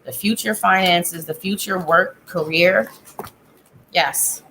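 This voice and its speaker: A woman's voice: lowish voice, slow, creaky, pushed and bright, a little hiss or hum. A woman giving a live tarot reading in a chatty manner, thinking aloud and breaking off mid-sentence. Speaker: psychic tarot reader.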